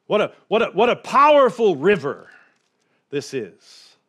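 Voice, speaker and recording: Man doing awestruck hiker, higher voice, slow admiring exclamations. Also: big pitch swings, fairly bright tone, exaggerated voice. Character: awestruck man marveling at nature.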